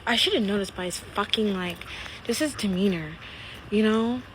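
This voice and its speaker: A young woman telling a story about a bad date, animated and swearing, with lots of "like" fillers. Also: mid-range voice, moderate pace, background noise. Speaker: social media storyteller. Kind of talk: storytime monologue. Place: outside her home.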